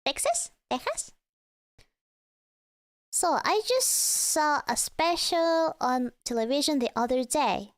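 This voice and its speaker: Playful woman streamer, high lively voice, unhurried, game music loud behind. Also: no echo, studio quality. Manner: playful, musing aloud.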